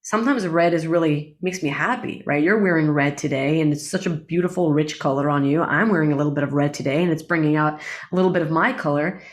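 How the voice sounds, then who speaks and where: A woman guest in an interview, a breathwork facilitator explaining things in a calm, unhurried way. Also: deep voice. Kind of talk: interview conversation.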